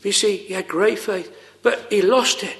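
A man preaching a solemn, earnest sermon with slow pauses, quoting old scripture. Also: sits high, gravelly, fairly bright tone.

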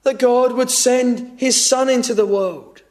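A man preaching an evening sermon, earnest and measured, often falling to a hushed, pleading tone. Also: extremely high pitch.

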